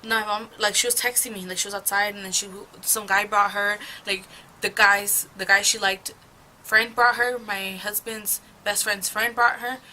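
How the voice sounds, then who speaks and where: A woman's voice: mid-range voice, flat delivery, normal speed, pushed and bright, rough recording. A young woman in her home chatting casually while doing her makeup, telling a rambling, profane story full of gossip. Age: young adult. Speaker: beauty vlogger. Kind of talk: get-ready-with-me storytime chat.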